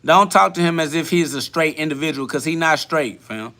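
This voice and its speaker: A man with a fairly high, sharp and forceful voice runs a live podcast from his garage. He answers the chat brashly and confrontationally, swearing freely as he goes. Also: fairly quick. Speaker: livestream podcast host. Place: home garage.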